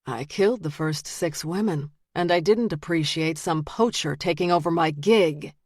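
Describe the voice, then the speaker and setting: A woman reading the lines of a calm, menacing male detective who turns out to be a killer, in a quiet, flat voice. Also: low-pitched, moderate pace, no echo, studio quality. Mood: cold menace.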